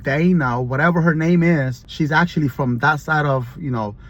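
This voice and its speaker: A man's voice: a little high, normal speed, fairly bright tone, lo-fi sound. A man telling a long, rambling story to camera as a vlogger, with frequent restarts and fillers. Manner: talks in long run-on stretches with restarts and fillers.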